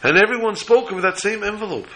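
A man's voice: high-pitched, quick pace, low-quality recording. A man telling a religious story as a sermon, acting out the characters' voices with feeling. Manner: animated storyteller voicing characters.

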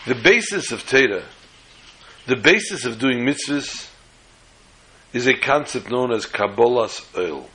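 A man's voice: medium pitch, expressive, measured pace, pauses often, bright, forceful tone, a little hiss or hum, rough recording. A man giving a Torah class lecture, explaining step by step and often restarting or rephrasing words mid-sentence. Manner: tells jokes as illustrations. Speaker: Torah teacher.

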